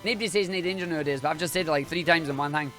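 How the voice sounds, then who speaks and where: A man's voice: on the high side, rapid-fire, sharp tone, faint music behind. A Scottish man from Scotland, a streamer chatting casually and slangily while he speedruns. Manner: chatty and slangy, rambling asides.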